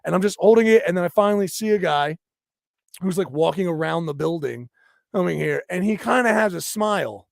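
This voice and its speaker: Man with a high, gravelly voice, profane storyteller, dry close sound. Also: animated, a little fast, dry recording. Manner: heated, profane storytelling rant. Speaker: podcast co-host. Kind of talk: casual podcast chat.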